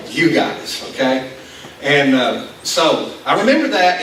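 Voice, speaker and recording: A Kentucky pastor with an Appalachian Southern accent preaches a conversational sermon, wandering through self-deprecating stories and restarting often. His voice is medium-pitched and fairly bright. The recording is distant and echoey, made in a school venue serving as a church hall, with slight background noise.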